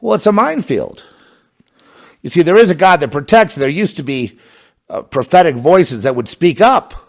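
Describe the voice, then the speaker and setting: Fervent, mocking man with a lively pitch. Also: moderate pace. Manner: breaks into scornful laughter. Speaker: religious commentator. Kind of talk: impassioned religious monologue.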